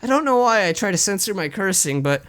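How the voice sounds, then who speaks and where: Smooth-voiced reader of a visual novel. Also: mid-range voice, quick pace. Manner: excitable between lines, self-correcting. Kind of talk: reading a visual novel aloud, as the protagonist and narrator.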